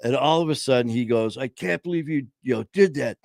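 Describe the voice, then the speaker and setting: A man's voice: mid-range voice, brisk, creaky, darkish tone, no room sound, studio quality. A man hosting a streamed talk show, telling stories in a rambling, casual way with lots of fillers and some swearing. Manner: rambling, frequent fillers, laughs at own stories. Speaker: podcast host. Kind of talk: casual storytelling chat. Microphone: home streaming setup.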